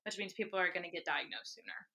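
A young adult woman talking as a podcast guest, telling her story in a lively, laughing way. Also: on the low side, fast. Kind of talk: casual interview chat.

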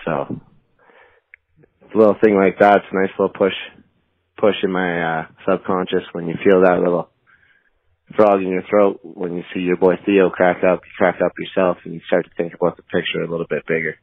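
A man from Canada leaves a heartfelt, halting voicemail for a podcast host, with many pauses and fillers. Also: sits low, little pitch movement, creaky. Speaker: caller. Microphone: phone. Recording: tinny phone-line voicemail.

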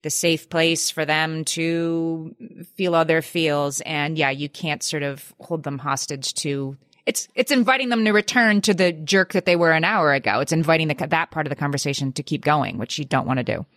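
A middle-aged woman co-hosting a parenting podcast, speaking in a measured, explanatory way. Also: deep voice, fairly bright tone, dry recording, clean studio sound. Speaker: podcast co-host. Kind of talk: casual chat.

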